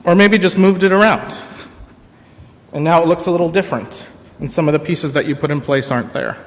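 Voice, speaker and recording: A man giving a sermon as minister, in a slow, reflective, pausing storytelling manner. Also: fairly high pitch. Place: church sanctuary. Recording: long reverb of a church sanctuary.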